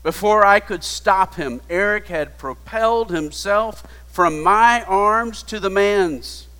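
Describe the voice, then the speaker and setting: A man preaching a sermon, retelling a story in a hushed voice that builds to emphatic appeals. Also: sits high, slow, smooth. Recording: long hall reverb.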